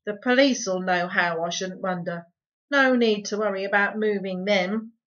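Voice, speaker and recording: A woman's voice: mid-range voice, normal speed, lightly acted. A woman putting on a harsh, cruel housekeeper. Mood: menacing. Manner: harsh, loud, spitting insults. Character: cruel scolding middle-aged housekeeper woman. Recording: dull lo-fi recording.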